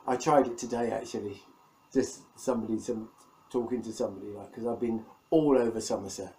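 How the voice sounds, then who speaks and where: A man's voice: fairly low pitch, steady tone, a little fast, dark tone, poor audio. A middle-aged man from England, rambling and self-mocking in a casual video diary, laughing often. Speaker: vlogger.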